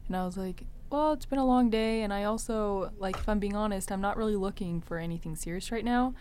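A woman's voice: medium pitch, brisk, slight background noise. Young woman telling a dating story. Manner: animated, laughing often, acts out quoted lines. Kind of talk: casual storytelling.

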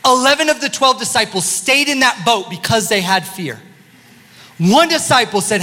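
A high-pitched man preaches a sermon to his congregation, easy and playful as he teases listeners between points. His voice carries through a large sanctuary with a long, ringing reverb. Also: lively intonation, moderate pace, pushed and bright. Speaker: pastor. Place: church sanctuary. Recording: long church-hall reverb.

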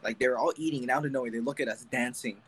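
Young male podcast co-host, animated storyteller, mid-pitched voice, casual chat. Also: racing, breathy edge, poor audio.

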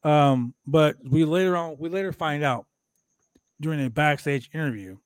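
A man hosting a casual wrestling recap show, talking in an animated, profane way and acting out quotes from the show. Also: a little high, moderate pace, dry recording. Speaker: podcast host recapping wrestling.

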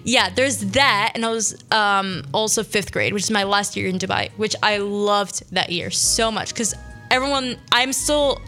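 A woman's voice: fairly high pitch, pushed and bright. A teenage girl from Syria hosting a small radio show, chatting in a rambling way with lots of fillers. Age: teens. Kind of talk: casual chat.

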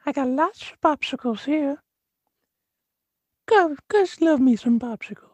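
A man voicing a sleazy popsicle seller with a drawling, wheedling pitch. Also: lively intonation, unhurried, a little mellow, no room sound.

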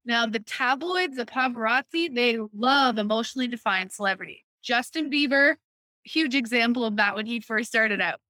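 A woman hosting a casual chat, explaining an idea in a lively way, often checking in with "right?" and acting out quoted thoughts. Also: fairly high pitch, moderate pace, dry recording. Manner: lively, acts out quoted inner voices, frequent "right?". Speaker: host explaining a personal decision-making method.

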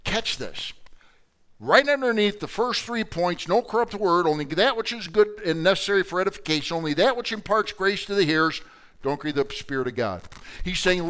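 Older male Bible teacher, slightly high voice, emphatic with hushed asides, live church class. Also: lively intonation, moderate pace, clean tone. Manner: dynamic, swings from loud emphasis to quiet asides. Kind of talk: sermon-style Bible teaching.

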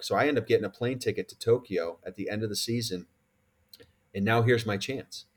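A man in his forties from Connecticut, a podcast guest telling a story in a casual, animated and profane way. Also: on the low side, brisk. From Connecticut, USA. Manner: animated, profane, acts out quoted dialogue. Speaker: podcast guest, former pro baseball player.

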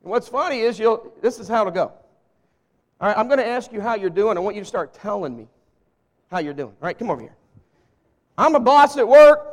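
A man's voice: high-pitched, expressive, a little fast, pauses often, in a large hall. A man from the Southern US with a Southern accent, preaching a humorous, folksy sermon and talking straight to his congregation. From Southern US (Arkansas). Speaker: pastor. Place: church sanctuary with a live congregation.

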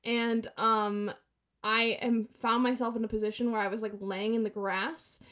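Fast-talking animated young woman. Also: on the high side. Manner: fast, animated storytelling with laughs and acted quotes. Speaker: guest telling a story. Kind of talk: casual podcast chat.

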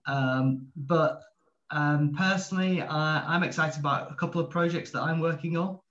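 Businesslike male guest, fairly high pitch, roomy lo-fi call audio. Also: steady tone, normal speed, a bit bright. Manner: fluent, businesslike, occasional "um". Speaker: university partnerships director. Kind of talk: panel guest introduction. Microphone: video call. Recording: echoey, dull lo-fi call audio.

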